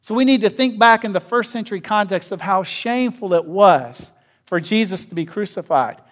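A man preaching a sermon as pastor, asking his listeners questions and swinging between loud and quiet. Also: high-pitched, lively intonation, moderate pace. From North America. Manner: asks the congregation questions, varies loudness widely.

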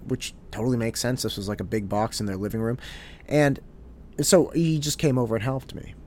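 A man hosting a show, telling a candid, self-deprecating personal story in a relaxed conversational way. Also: medium pitch, fairly quick, a little hiss or hum. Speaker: podcast host. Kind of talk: reflective personal storytelling monologue.

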